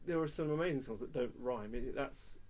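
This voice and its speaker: A man's voice: mid-range voice, brisk, a little mellow. A man from England co-hosting a casual music podcast, chatty, laughing often and trailing off into restarts. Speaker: podcast co-host. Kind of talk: casual chat.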